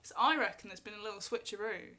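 A woman's voice: mid-range voice, fast, crowd noise. A woman in a comedic podcast chat, bossy and keeping the others moving. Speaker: player.

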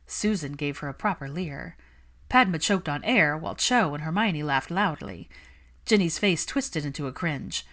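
Low-voiced woman narrating a story. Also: animated, moderate pace, a bit bright. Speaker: fan fiction narrator.

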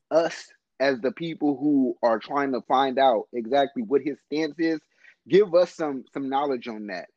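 A man with a higher voice co-hosts a casual podcast chat, recorded with dull audio and no echo. He's animated, swears freely and laughs often.

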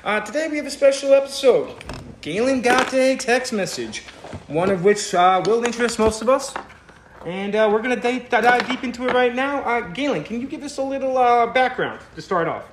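A man's voice: extremely high pitch, expressive, a little fast, noisy background. A young man hosting a casual podcast chat, teasing his guests and laughing often. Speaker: podcast host.

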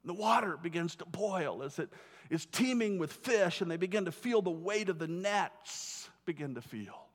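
Animated preacher in a reverberant hall. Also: male voice, sits high, normal speed. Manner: animated storytelling, acts out quoted voices, repeats words. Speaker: pastor. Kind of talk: sermon.

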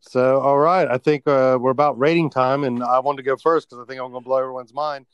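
A man's voice: mid-range voice, fairly even intonation, a little fast, clean tone, dry recording. Laughing man with a dry close mic. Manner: enthusiastic, laughs often. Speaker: podcast co-host. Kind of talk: casual chat.

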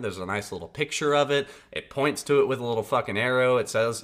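A podcast host gives casual advice in a blunt, profane, emphatic way, often checking in with listeners with "right?" and "okay?" in a conversational manner. His medium-pitched voice is fairly bright and fast, with few pauses.

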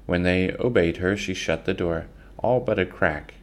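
A man reading a children's book aloud in an unhurried way, with occasional slips and restarts. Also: low-pitched.

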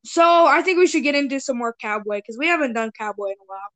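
A woman's voice: high voice, lively intonation, quick pace, a bit bright. A teenage girl hosting a casual chat with friends, teasing and giggly as she steers the topics. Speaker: podcast host.

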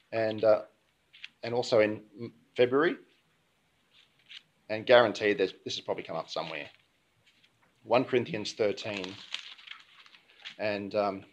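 A man with an Australian accent preaching a sermon in a church, in an easygoing conversational way that keeps checking in with the congregation. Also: mid-range voice. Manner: conversational, keeps asking "all right?". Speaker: pastor.

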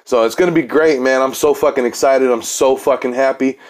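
A man ranting in a loose, profane monologue, his voice mid-pitched for a man. He swears nearly every line and his voice keeps jumping up into loud, incredulous outbursts before settling back into easy storytelling. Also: fairly quick. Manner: crude, excitable, swears constantly, rants with sudden high-pitched outbursts.

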